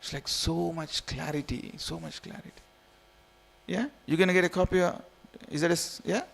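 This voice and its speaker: A slightly high, fairly bright voice with vocal fry holds a steady tone at a moderate pace. The speaker is a man in his forties from India, leading a playful, informal scripture class in a temple hall, where he repeats phrases and coaxes the audience.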